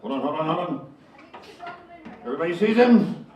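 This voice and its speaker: A man's voice: on the high side, animated, normal speed, darkish tone, muffled recording, slight background noise. A man doing stand-up comedy while handling a live snake, telling jokes and chuckling at his own punchlines. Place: live show before an audience. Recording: echoey room from far off. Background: audience.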